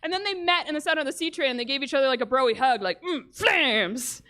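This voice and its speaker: Woman stand-up, high voice, lively storyteller who laughs at her own bits; stage mic in a club. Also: racing. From Calgary, Canada. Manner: animated storytelling with silly character voices, laughing. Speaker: stand-up comic. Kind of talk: stand-up comedy set.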